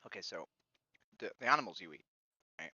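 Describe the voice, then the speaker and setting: A woman talking casually but pointedly to strangers on a live stream. Her pitch moves a lot as she presses her questions. The audio is dull and lo-fi. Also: lively intonation, fairly quick, sharp tone, slightly rough, dry recording. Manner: direct, persistent questioning. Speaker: streamer doing activism on a video chat site. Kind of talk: casual argumentative chat.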